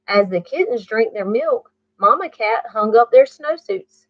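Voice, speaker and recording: A woman reading a bedtime story aloud to children, pausing to ask the listener questions. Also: fairly high pitch, lively intonation, no room sound. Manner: slow, asks the listener questions. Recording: muffled dry recording.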